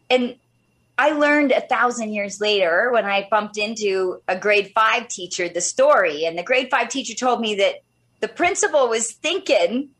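A woman in her fifties, an interview guest telling a personal story in an animated, expressive way with shifting pace. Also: on the high side, moderate pace. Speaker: guest speaker.

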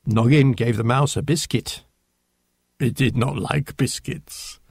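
A man reading a children's storybook aloud, slow and expressive. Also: vocal fry, husky, no room sound, clean studio sound. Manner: slow, expressive read-aloud with lively pitch.

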